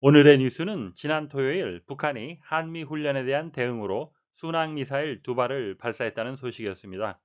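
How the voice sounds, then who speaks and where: A man's voice: medium pitch, rapid-fire, few pauses. A middle-aged man from Korea hosting an English lesson, patiently explaining news phrases one by one in Korean. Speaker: English teacher and channel host. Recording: lo-fi voice recording.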